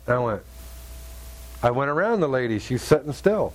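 A middle-aged man preaching a sermon in an animated storytelling way, acting out the voices in his story. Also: medium pitch, moderate pace.

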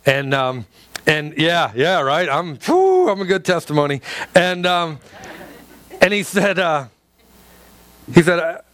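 A man preaching a sermon through a personal story, halting and stumbling over repeated words, and acting out the dialogue. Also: fairly high pitch, sing-song, a bit bright. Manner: acts out quoted dialogue in his stories.

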